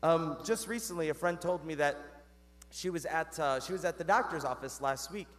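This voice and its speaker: A man's voice: fairly high pitch, moderate pace, a bit bright. A man preaching a sermon as a priest, earnest and conversational, asking the congregation questions and calling them "guys". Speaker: Catholic priest. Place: church. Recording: long reverb of a church.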